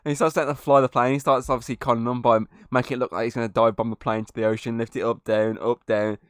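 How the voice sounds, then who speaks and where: A man's voice: mid-range voice, fast, smooth, no echo, studio quality. Young man, laughing podcast banter. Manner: swearing, laughing, animated retelling of scenes. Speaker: podcast host. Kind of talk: casual movie review chat.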